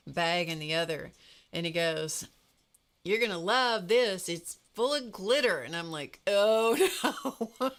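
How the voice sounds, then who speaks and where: A woman hosting a live craft stream, chatting casually and telling an animated story to her viewers. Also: sits low. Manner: animated storytelling, greets viewers by name, frequent laughs.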